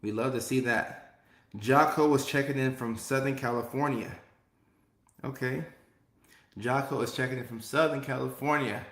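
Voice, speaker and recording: A man's voice: mid-range voice, moderate pace, long pauses, a bit bright, reverberant. A man hosting a casual live stream as a comedian, reading viewer comments aloud in an upbeat way and repeating his phrases.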